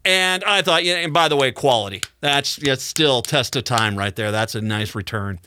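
A man's voice: medium pitch, moderate pace, hardly any pauses, bright, forceful tone, clean tone, dry recording. A male radio talk host telling a long, casual story, restarting phrases and chuckling as he goes. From Midwest United States. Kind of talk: casual monologue.

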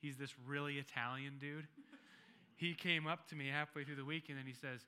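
A male pastor delivers a sermon in a bright, forceful voice pitched a touch above most men's. He reads scripture slowly and deliberately, then leans on key phrases and repeats them for emphasis. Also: steady tone.

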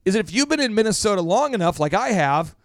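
A man hosting a business talk radio show as a coach, speaking in an animated way and repeating phrases for emphasis. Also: high voice, fast, no echo, studio quality.

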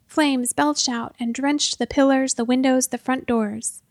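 Storybook narrator, woman, fairly high voice, expressive and measured, dry close sound. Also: dry recording.

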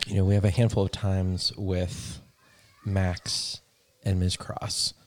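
A man's voice: sits low, level tone, slow. A man co-hosting a casual movie podcast, an educator talking things through in a thoughtful, reflective way. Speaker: podcast co-host.

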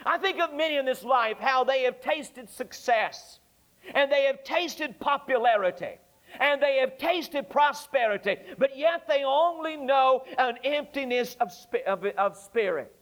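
A man's voice: very high-pitched, expressive, a little slow, a bit bright. A male Baptist preacher giving a Sunday morning sermon in a church, with a repetitive, rhythmic preaching cadence. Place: church sanctuary. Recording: dull lo-fi archive church tape.

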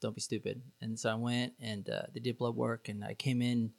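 A man's voice: mid-range voice, flat delivery, normal speed, vocal fry, dry recording. A man, a podcast guest, telling his own story in a candid, sarcastic, rambling way with many fillers. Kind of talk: casual storytelling.

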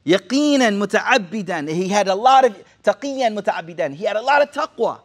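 A man's voice: sits high, lively intonation, quick pace. A man preaching, retelling a story with casual slang and Arabic quotes mixed in. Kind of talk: sermon storytelling.

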